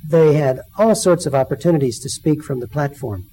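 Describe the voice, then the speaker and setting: Middle-aged male lay preacher, mellow tone, slightly high, storytelling testimony. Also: a little fast, poor audio. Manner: storytelling, acts out quoted voices. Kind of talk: personal testimony sermon.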